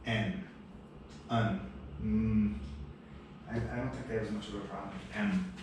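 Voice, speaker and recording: A man who teaches English, giving new teachers casual advice in a relaxed, rambling way with self-deprecating asides. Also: fairly low pitch, a little slow. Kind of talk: casual instructional chat. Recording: echoey room, mic far off, faint background noise.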